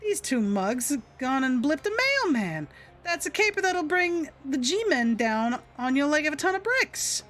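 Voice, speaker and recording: A woman's voice: sits high, big pitch swings, measured pace, fairly bright tone, pitched above the performer's own voice, full character voice. Breezy, brassy gangster moll, 1930s slang, a woman putting her on.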